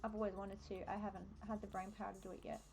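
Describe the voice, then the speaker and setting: An Australian woman chats her way through a live game stream, wandering off topic and amused at herself. Her voice sits in a middle pitch. Faint game music plays under her voice. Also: flat delivery, rapid-fire, darkish tone. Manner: chatty, easily sidetracked, self-amused. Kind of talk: casual live-stream chat while decorating in a game.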